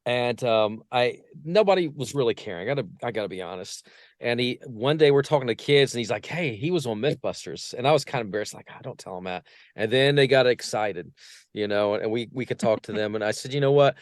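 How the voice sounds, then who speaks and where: Talking at a brisk clip, a medium-pitched man is heard in a dry recording with clean studio sound. He comes from Portsmouth, works as a vocal coach, and appears as a podcast guest in a casual interview full of stories. When he quotes people, he acts out their voices in lively anecdotes.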